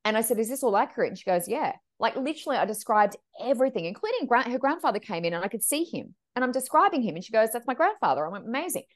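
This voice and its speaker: A woman working as a medium, telling stories as a podcast guest in a lively, expressive way and acting out the voices she quotes. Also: fairly high pitch, rapid-fire, few pauses. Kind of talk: animated storytelling chat.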